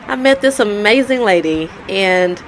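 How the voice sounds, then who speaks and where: A woman's voice: mid-range voice, lively intonation, a little slow, a little hiss or hum, poor audio. A woman telling her life story in a candid, conversational way, often repeating herself. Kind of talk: personal storytelling vlog.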